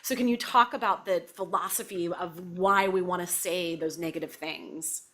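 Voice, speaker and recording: A woman's voice: on the low side, normal speed, a bit bright. A middle-aged woman hosting a casual talk show, chatting in a loose, conversational way full of "like" and "you know". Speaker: podcast host. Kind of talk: casual chat.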